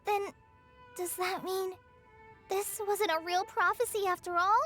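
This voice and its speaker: A woman voicing a tiny, curious, chatty companion creature in a video game, with a squeaky childlike voice. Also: fairly even intonation, measured pace, full character voice. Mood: puzzled. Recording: game audio with loud music.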